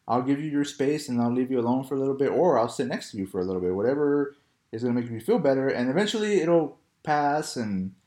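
A young man with a drawl talks casually as a podcast co-host, telling stories in a relaxed way and laughing often. His voice sits at an average pitch. The room is noticeably echoey. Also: fast. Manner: laid-back, storytelling, laughs often. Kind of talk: casual chat.

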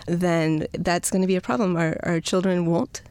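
A woman's voice: fairly low pitch, normal speed, a little mellow, clear, resonant tone, no room sound. A woman psychologist speaking as a podcast guest, giving conversational parenting advice with light laughs.

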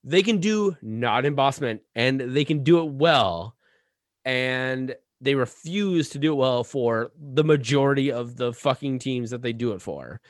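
A man co-hosting a podcast rants in casual chat, rambling and cursing with many restarts. His voice is mid-range with lively intonation and an unhurried pace, recorded at studio quality with no room sound.

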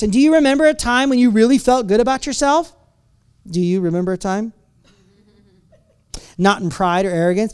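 A pastor preaching a sermon in a church, swinging between quiet reflection and loud, emphatic bursts, often restarting words and adding playful asides. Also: mid-range voice. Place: church service.

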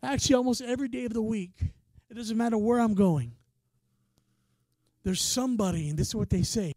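High-voiced passionate male preacher. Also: brisk, no echo, clean studio sound. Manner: passionate, swings from quiet to shouting; casual, says "man" often. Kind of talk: sermon.

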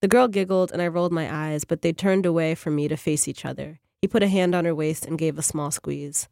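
A woman, a fiction writer, reading her own short story on a radio program in a measured, even way. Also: low voice, gravelly, no echo, studio quality.

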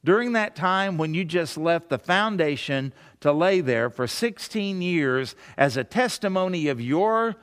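A pastor preaching a sermon in a conversational way, often putting rhetorical questions to the congregation. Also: male voice, high-pitched, animated, measured pace, few pauses, fairly bright tone, clean tone, big-room sound.

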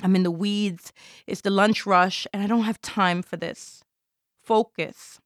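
A woman's voice: medium pitch, steady tone, measured pace, no room sound, studio quality. A woman from Jamaica performing an intense, theatrical spoken-word monologue.

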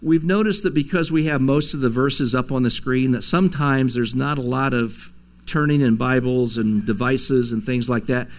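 With fairly even intonation and a moderate pace, this mid-range male voice belongs to a pastor preaching in a church sanctuary. His conversational sermon includes occasional chuckles and acted-out quoted lines.

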